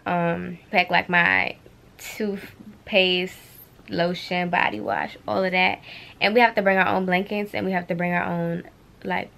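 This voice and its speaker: A young adult woman vlogs casually to a camera on a tripod while packing indoors in her bedroom. Her medium-pitched voice is bright and forceful, and she's chatty and playful, laughing often and using slang.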